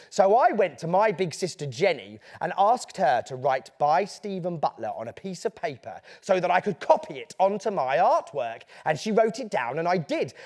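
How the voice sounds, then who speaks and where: A man tells a story to children in a playful, theatrical way. His voice sits high and swoops all over the place, with a gravelly edge. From England. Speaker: children's author. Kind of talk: storytelling to a young audience.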